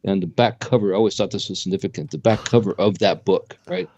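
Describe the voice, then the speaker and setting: A man co-hosting a casual talk radio show, talking in an animated way and pushing his voice up when he makes a point. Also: quick pace, muffled recording, slight background noise. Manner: animated, jumps pitch when making a point. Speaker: co-host.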